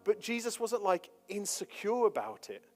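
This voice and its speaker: A male preacher delivering a sermon, moving between forceful scripture reading and relaxed, chatty asides. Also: sits high, moderate pace, big-room sound, soft background music. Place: church hall.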